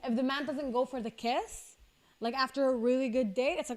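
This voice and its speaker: A young woman with a high voice tells a lively story in casual podcast chat. She is animated and laughs at herself as she goes. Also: brisk. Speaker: podcast guest.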